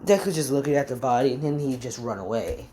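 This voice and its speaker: A woman improvising a fan story out loud, rambling, stopping on fillers and forgetting names as she goes. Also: very deep voice, expressive, quick pace, noisy background.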